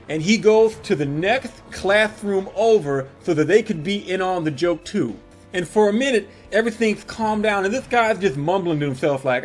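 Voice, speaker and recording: Over faint background music, a man with a notably high voice tells a comic story as a monologue. He swears freely and stays animated throughout, his loudness jumping up and down as each joke builds.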